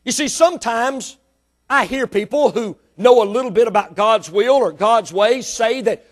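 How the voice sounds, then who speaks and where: A pastor, a man with a high voice, preaches to his congregation. He builds to emphatic bursts and keeps asking the room direct questions. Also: normal speed. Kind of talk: sermon. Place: church.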